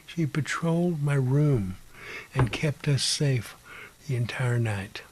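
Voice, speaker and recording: A man telling his own ghost story in an unhurried way, sometimes dropping to a whisper and imitating beeping sounds. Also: medium pitch, slightly rough. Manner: drops to a hushed whisper at times. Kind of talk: personal ghost story told aloud.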